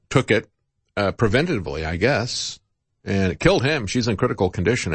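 An older male talk host rants with combative indignation, his pitch swinging widely as he hammers his points. The sound is dry and close, with no room around it. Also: dry recording. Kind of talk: political talk monologue.

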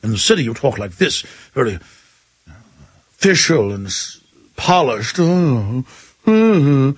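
A man voicing a snooty, polished big-city man with a mocking, drawn-out posh delivery. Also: medium pitch, very animated, husky, voice pushed down, full character voice.

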